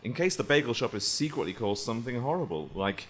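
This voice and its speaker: A man's voice: mid-range voice, very animated, fast. A man playing a touchy male bagel shop owner in his own voice, pleading, then scolding with indignation.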